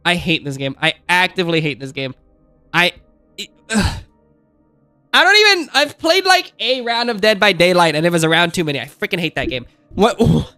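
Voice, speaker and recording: Bright, exasperated young gaming streamer. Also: male voice, fairly high pitch, animated, brisk, clear, resonant tone, dry recording, faint music behind. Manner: exasperated ranting, repeats phrases, says dude. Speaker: gaming channel host. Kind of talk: let's play commentary.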